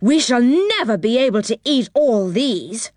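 Woman doing a cheery, excitable magic fellow in a storybook, bright and lively. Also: on the high side, measured pace, no room sound, studio quality, voice pushed up. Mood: cheerful.

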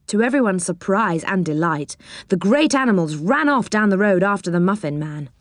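A woman narrating a children's storybook in a lively, expressive way. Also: medium pitch, moderate pace, dry recording, studio quality.

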